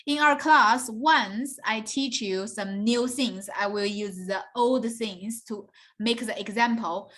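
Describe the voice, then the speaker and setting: A woman's voice: a little high, takes it slowly, fairly bright tone. Patient woman teaching a beginner language lesson. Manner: patient explaining, often checks in with "okay?" and "right?". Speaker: Mandarin teacher.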